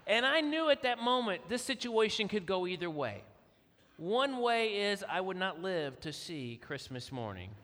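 A middle-aged man preaching with a bright, forceful voice, slightly higher than most men. He tells his story like a lively storyteller, and his words ring out with a long hall reverb. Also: measured pace. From Kentucky. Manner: animated storyteller acting out quotes. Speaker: guest speaker. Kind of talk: storytelling sermon.

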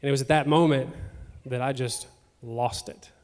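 A man sharing a personal testimony at a church service, speaking in a halting, emotional way with fillers and repeated words. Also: medium pitch, steady tone, darkish tone. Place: church sanctuary. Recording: long hall reverb.

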